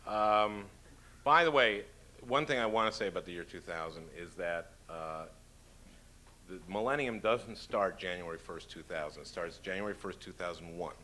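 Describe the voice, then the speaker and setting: A man's voice: low-pitched, bright, forceful tone. A man from Minnesota giving a comic question-and-answer talk as an author, joking dryly and stopping often with "uh". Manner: dry, joking, halting with many "uh"s. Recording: noisy lecture-hall recording.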